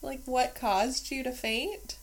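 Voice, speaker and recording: A young woman talking with a friend about a film in an easy, casual way. She drops dry, wry quips and gets in quick comebacks. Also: high-pitched. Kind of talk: casual chat reacting to a film.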